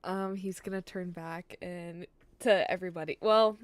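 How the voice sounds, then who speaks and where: A woman's voice: fairly low pitch, fairly even intonation, moderate pace, clear, resonant tone. A woman playing in a tabletop game, casual and playful. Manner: playful, laughing easily. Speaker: player.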